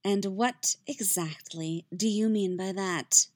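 A woman's voice: medium pitch, slow pace, a little mellow, dry recording, studio quality, lightly acted. A woman voicing a haughty, cold-tongued sorceress who drawls her cutting words, in a fan fiction reading.

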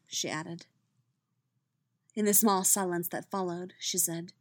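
A woman reading fan fiction aloud as a podfic, with soft, steady storytelling. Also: lowish voice, measured pace, no echo. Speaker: podfic reader.

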